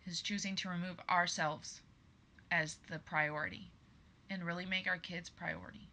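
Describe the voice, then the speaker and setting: A woman's voice: fairly low pitch, fairly even intonation, moderate pace, pushed and bright. A woman in her thirties hosting a podcast, talking earnestly and with emphasis straight to her listeners. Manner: earnest, emphatic, addresses listeners as "you guys". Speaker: podcast host. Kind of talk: personal monologue to listeners.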